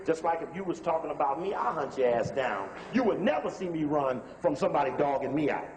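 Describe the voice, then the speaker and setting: A man's voice: fairly high pitch, animated, a little mellow, big-room sound, slight background noise. A man lecturing over video footage in a conversational, emphatic way, often calling to stop the tape. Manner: conversational, emphatic, repeats instructions to pause the tape.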